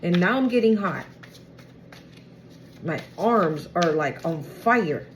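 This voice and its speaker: A woman's voice: fairly low pitch, animated, takes it slowly, a little hiss or hum. A young woman giving a casual tarot reading to her viewers, slangy and exclamatory, often close to tears. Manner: emotional, exclamatory, slangy, swings to near tears. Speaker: tarot reader.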